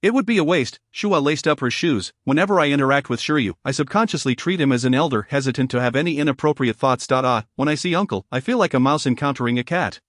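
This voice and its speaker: A man narrating a romance novel in a steady, even reading voice, voicing all the characters himself. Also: medium pitch, fast talker, hardly any pauses, no echo, studio quality. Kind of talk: scripted audiobook narration.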